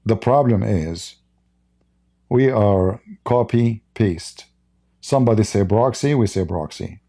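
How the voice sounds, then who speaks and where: A man's voice: on the low side, slow, gravelly, dark tone. A man hosting a live stream and speaking English as a second language, giving blunt, mocking commentary and reading out viewer chat. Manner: heated, blunt, mocking, with broken non-native English.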